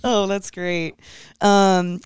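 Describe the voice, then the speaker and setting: Podcast host, chatty, laughs easily, smooth mid-range voice, dry close mic. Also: mid-range voice, little pitch movement, drawn-out words, no echo. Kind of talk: casual podcast interview.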